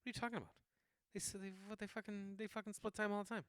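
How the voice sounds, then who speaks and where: A man putting on a hot-headed male hockey fan who sputters and swears in disbelief, pitched well above his own voice. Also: level tone, racing, fairly bright tone, smooth, no echo, clean studio sound. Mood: exasperated.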